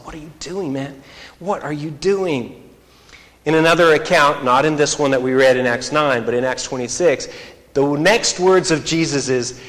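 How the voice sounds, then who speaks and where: A man preaching a sermon, telling the story in an animated way and acting out the quoted voices. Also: a little high, long reverb tail.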